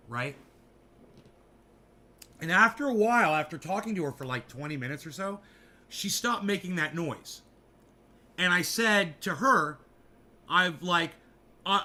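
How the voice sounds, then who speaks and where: Bright-voiced man in casual rambling chat. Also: a little high. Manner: animated storytelling, frequent swearing, jokey mock-advert asides. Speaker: streamer.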